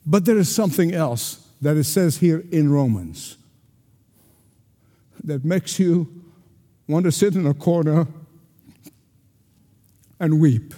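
A male pastor preaching a sermon with emphatic delivery and dramatic pauses. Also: a little high, dark tone. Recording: long hall reverb.

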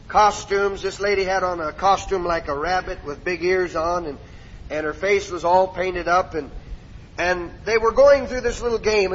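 Man preaching, high bright voice, fiery sermon, amen-seeking, dull 1970s church tape, long hall echo. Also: slight background noise. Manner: emphatic preaching, seeking congregation's amens.

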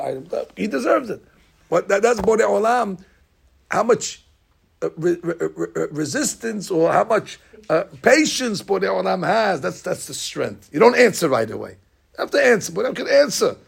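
Gravelly husky man telling Talmud stories. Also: sits high. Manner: animated storyteller, acting out lines with rising shouts. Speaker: Torah teacher. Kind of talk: Talmud class storytelling.

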